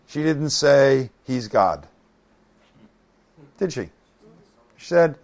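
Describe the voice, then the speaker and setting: Gravelly man preaching through scripture. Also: medium pitch, animated, very slow, pauses often, a little mellow. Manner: reads scripture aloud, breaks off with folksy asides. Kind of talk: Bible study sermon.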